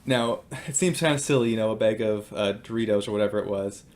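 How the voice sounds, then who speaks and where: A man's voice: lowish voice, fast, darkish tone. Casual, hesitant man giving devotional teaching. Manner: casual and hesitant, with many ums and uhs. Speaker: Christian teacher and father. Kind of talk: devotional teaching with personal stories.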